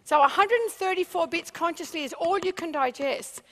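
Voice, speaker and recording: High-voiced woman addressing a seminar. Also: moderate pace. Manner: animated, checks in with the audience often. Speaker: business speaker. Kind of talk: seminar talk to a live audience.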